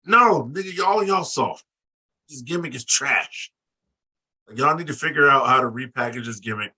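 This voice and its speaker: A man's voice: mid-range voice, normal speed, breathy edge, low-quality recording. A man co-hosting a casual podcast, ranting bluntly and crudely. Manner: blunt, crude, animated rants. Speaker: podcast co-host. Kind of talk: casual profane chat.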